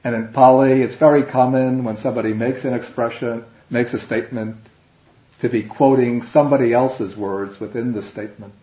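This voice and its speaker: A man teaching a language class, explaining slowly and patiently, step by step. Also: mid-range voice, fairly even intonation, mellow. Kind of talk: classroom lecture. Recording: dull, echoey classroom recording.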